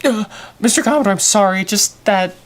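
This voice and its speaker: A flustered young girl hurries through an apology in a high, lifted voice. A man reads her lines aloud in a put-on voice. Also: a little fast, close to an everyday voice. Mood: apologetic.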